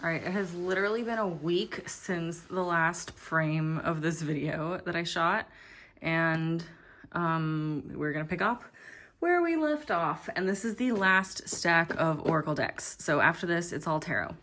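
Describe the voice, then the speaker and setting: A woman who vlogs about tarot and oracle decks chats casually and rambles, her lowish, a bit bright voice lively in intonation and a little slow. She fills her sentences with "um" and "like."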